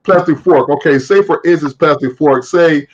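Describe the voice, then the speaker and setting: A man's voice: a little high, moderate pace, muffled recording. A man hosting a casual chat, telling funny stories with lots of laughter and acted-out lines. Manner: laughing storyteller, acts out his own shouts. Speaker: host.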